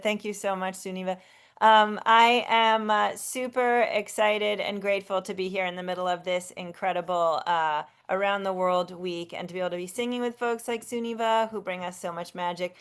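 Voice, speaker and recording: A woman's voice: mid-range voice, fairly even intonation, moderate pace, clean tone. A woman hosting a live online sing-along over a video call, effusive and chatty, often restarting her sentences. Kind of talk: casual live-stream hosting.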